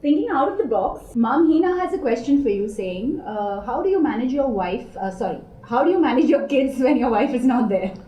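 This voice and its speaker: A woman's voice: high voice, expressive, fairly quick, few pauses, reverberant, far from the mic, dull audio. A woman hosting, reading out viewer questions and laughing often. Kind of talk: show hosting.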